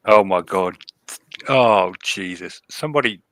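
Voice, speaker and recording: A man's voice: low-pitched, unhurried, fairly bright tone, dry recording. A man co-hosting a podcast, sardonic and given to ranting in casual chat. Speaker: podcast co-host.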